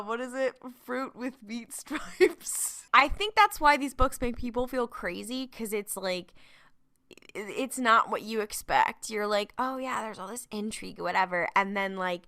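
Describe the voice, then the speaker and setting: Bright, animated woman podcast co-host. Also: a little high, slow pace, smooth. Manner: animated, swears, laughs often, many fillers. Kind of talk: casual chat.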